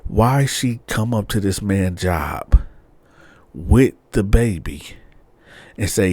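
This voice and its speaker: A man casually telling a true-crime story, slangy and animated, often checking in with "right?". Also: on the low side, slow pace, long pauses, slightly rough, no echo.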